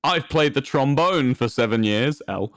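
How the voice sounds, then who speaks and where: A man on a livestream reading confessions aloud and judging them bluntly, with a deadpan delivery. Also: mid-range voice, unhurried. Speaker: guest co-streamer.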